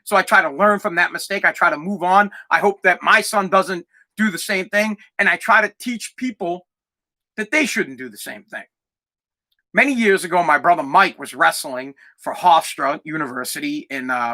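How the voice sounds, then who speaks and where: A man's voice: a little high, normal speed, sharp tone. A man in his thirties, a podcast host, telling a personal story in a candid, rambling way with a lot of swearing, close to tears.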